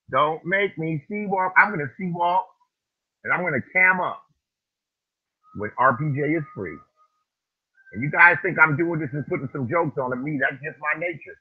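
A man's voice: on the high side, breathy edge. A man hosting a livestream, ranting in a preacher-like style, profane and repeating phrases for emphasis. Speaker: livestream host. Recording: tinny phone-like line.

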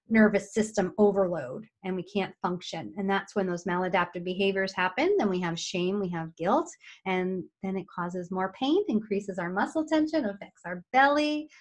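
With a mid-range voice, the same kind of middle-aged occupational therapist gives an energetic, conversational coaching talk to camera, playing out her clients' inner voices as she goes.

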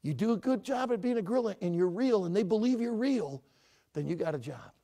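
A man's voice: high-pitched, lively intonation, fairly quick, warm tone. A man voicing a blunt, matter-of-fact circus manager in a joke told during a sermon. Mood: coaxing. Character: blunt middle-aged male circus manager.

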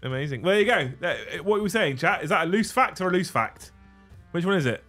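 A man in his thirties hosting a livestream, animated and joking, swearing casually, on a studio mic. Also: sits high, fast talker, faint music behind. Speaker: livestream host.

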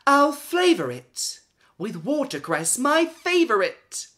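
A woman voicing a greedy, excitable young girl who is always hungry, gushing and wailing in a high, loud voice. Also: takes it slowly, full character voice. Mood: delighted.

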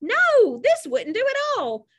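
An excitable young boy with a high, lively voice that leaps around as a woman voices him. He speaks breathless and eager, the worried imagination of a storybook child. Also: fairly quick. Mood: rehearsing.

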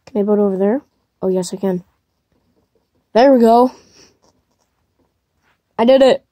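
A woman giving casual commentary to herself while playing a game, excitable and chatty. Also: mid-range voice, measured pace, no echo. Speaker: gamer streaming gameplay. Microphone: device mic while playing on a tablet.

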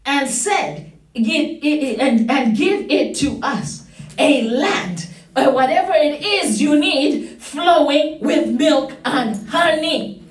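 A woman pastor preaching a sermon, growing excited and breaking into shouts and laughter. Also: sits high, slow. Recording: roomy church hall, voice from far off.

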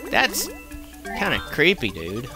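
A man's voice: medium pitch, wildly swooping pitch, slow, pushed and bright. A man casually commenting as he plays a video game, goofy and playful, with sing-song repetitions. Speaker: let's play commentator. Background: game music.

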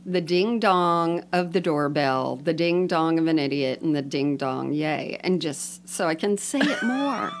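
A woman's voice: low voice, lively intonation, unhurried, few pauses, slight background noise. Joking woman podcast co-host. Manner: playful, jokey, laughs often. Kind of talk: casual chat.

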